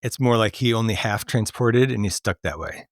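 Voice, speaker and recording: A man's voice: on the low side, moderate pace, no room sound. Chatty male podcast host, dry sound. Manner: chatty, laughs often. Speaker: podcast host running a movie quote quiz. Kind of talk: casual chat.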